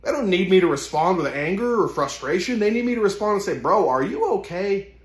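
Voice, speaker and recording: A man's voice: high voice, lively intonation, fast talker, echoey room. A man giving an impassioned, profane motivational monologue, speaking intensely and swearing heavily.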